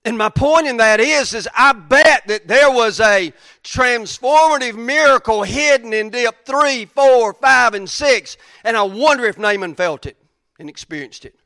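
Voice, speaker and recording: Male preacher, high-pitched, bright and dry, chatty storytelling sermon. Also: expressive, a little slow, dry recording. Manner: folksy, conversational, acts out characters' lines.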